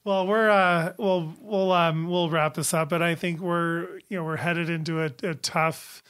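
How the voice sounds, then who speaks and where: A man's voice: on the high side, fairly even intonation, measured pace, fairly bright tone, smooth. Easygoing hesitant man co-host. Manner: easygoing, hesitant, many fillers. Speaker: podcast co-host. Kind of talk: casual chat.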